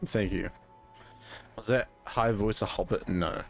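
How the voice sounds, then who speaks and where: A man's voice: on the low side, steady tone, a little slow, creaky, pauses often, soft background music. Joking male game streamer. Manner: joking, self-mocking. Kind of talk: casual gaming commentary.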